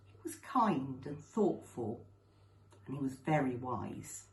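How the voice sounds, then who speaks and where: Slow expressive woman storyteller. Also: rumbling low. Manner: slow, expressive, clearly paced for children. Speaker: storyteller at a school assembly. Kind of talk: children's story reading. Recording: roomy echo.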